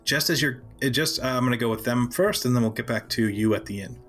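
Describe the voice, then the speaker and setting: A man running a tabletop game, narrating scenes in a relaxed, loose way. He fills pauses with ums and likes. His pitch is average for a man. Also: soft background music. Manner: casual, many fillers. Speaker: game master.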